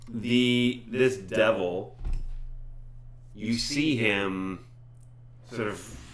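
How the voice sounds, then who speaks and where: A man runs a tabletop game session, describing the monsters and calling turns. His voice is bright and sits a little low. He stops and restarts often while he narrates. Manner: halting, self-correcting narration. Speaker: game master. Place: home streaming setup.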